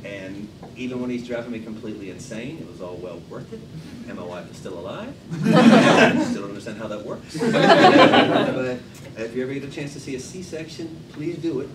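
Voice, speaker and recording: A man telling a comedic true story to a live audience at an improv show, animated and swearing freely. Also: mid-range voice, moderate pace, very noisy. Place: theater stage with live audience. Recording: echoey room, mic from a distance, loud audience laughter.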